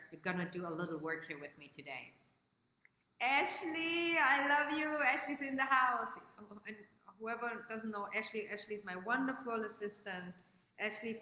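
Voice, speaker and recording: A woman hosting a live-stream coaching session, greeting viewers by name and leading slow guided breathing. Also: mid-range voice, pushed and bright, slight background noise. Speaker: host and life coach. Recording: echoey room with long reverb.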